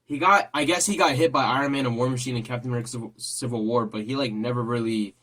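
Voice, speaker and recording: A man's voice: mid-range voice, fast, a bit bright. A man hosting a casual trailer reaction, rambling and repeating himself as he thinks aloud. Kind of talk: casual chat.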